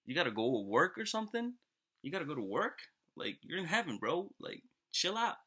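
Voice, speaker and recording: Man as a chill bro-talking God, bright forceful voice, teasing. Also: medium pitch, animated, moderate pace, gravelly, heavily acted. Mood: laid-back. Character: laid-back slangy male God.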